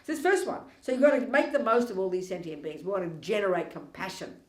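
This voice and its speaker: A woman's voice: medium pitch, quick pace. Lady buddhist teacher, punchy and sarcastic, voice bouncing round a roomy hall. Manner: animated, emphatic, provocative and ironic. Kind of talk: dharma teaching. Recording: echoey room.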